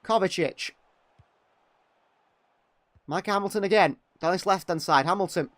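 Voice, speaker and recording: A young man giving partisan live fan commentary on a match, excitable and quick to criticise players. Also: sits high, no room sound. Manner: excitable, exclaiming at big moments, critical of players.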